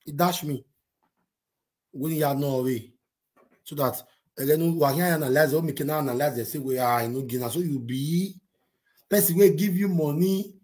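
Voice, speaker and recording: A man with a Nigerian accent giving excitable, repetitive vlog commentary, switching between pidgin and a local language. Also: fairly high pitch, moderate pace, long pauses. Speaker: vlogger commenting on a movie-industry dispute.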